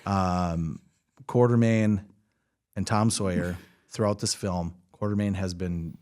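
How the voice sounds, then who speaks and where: A man's voice: sits low, steady tone, takes it slowly, a little mellow, smooth. A man hosting a podcast, casually recapping a film, swearing freely and laughing as he retells scenes. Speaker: podcast host. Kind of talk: casual movie recap chat.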